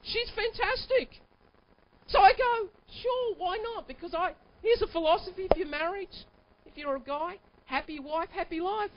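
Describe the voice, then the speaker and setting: Keynote speaker, man in his 40s, emphatic and lively, very high voice, muffled lo-fi capture. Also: moderate pace, slight background noise. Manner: animated and emphatic, bursts into shouting. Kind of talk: storytelling keynote talk. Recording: dull lo-fi recording.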